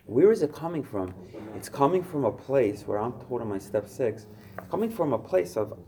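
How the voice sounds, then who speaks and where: Very animated and fairly quick, this man speaks at medium pitch with a mellow tone, and a little hiss or hum is audible. He earnestly searches for words in a personal share at a recovery group workshop, with plenty of fillers as his intensity builds.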